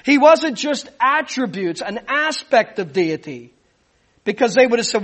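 A man preaching a sermon as pastor, teaching with lively rhetorical questions. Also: very high voice, measured pace.

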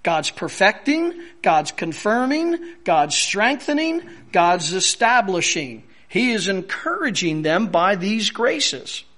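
A man's voice: high voice, sing-song, takes it slowly, hardly any pauses, bright, forceful tone. A man preaching a sermon as pastor, emphatic, rising on key words and repeating phrases for stress.

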